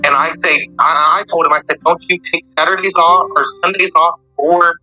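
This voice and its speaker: Earnest bright-voiced man telling a story. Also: fairly high pitch, steady tone, lo-fi sound, faint music behind. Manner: earnest, halting, many fillers. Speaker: caller sharing a story. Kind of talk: casual storytelling.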